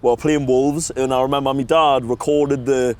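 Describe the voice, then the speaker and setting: A man's voice: medium pitch, steady tone, moderate pace, darkish tone. Young Geordie man chatting on a park bench. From Newcastle, England. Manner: laughing, chatty, easygoing. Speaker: stranger on a bench. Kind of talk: casual chat. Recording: faint outdoor noise.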